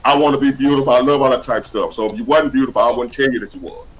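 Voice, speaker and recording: A man's voice: mid-range voice, rapid-fire, poor audio. A man hosting a livestream over a video call, talking bluntly and preachily in casual slang with plenty of cussing. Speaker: livestream host.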